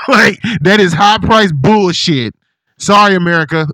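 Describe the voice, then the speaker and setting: A man hosting a casual chat, telling profane, animated stories and acting out what people said. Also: high-pitched, unhurried, no room sound. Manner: animated, profane storytelling with put-on quotes. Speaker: podcast host.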